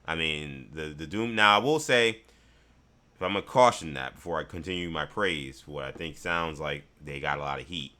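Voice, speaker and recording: A man's voice: extremely low pitch, normal speed, pushed and bright. A man co-hosting a podcast, bantering in an emphatic, slangy way. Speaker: podcast co-host. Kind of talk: casual chat.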